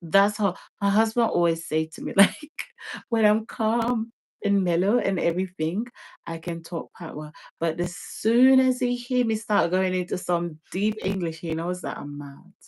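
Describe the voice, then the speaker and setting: A woman's voice: medium pitch, normal speed. A woman from Jamaica with a Jamaican accent, chatting casually on a livestream and explaining herself with lots of "like"s. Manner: animated, explaining herself with many "like"s. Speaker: livestream host. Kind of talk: casual chat.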